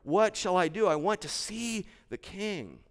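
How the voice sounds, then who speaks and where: Man putting on a little peasant girl, sweet, earnest, pleading, higher voice, smooth tone. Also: lively intonation, unhurried, a bit bright.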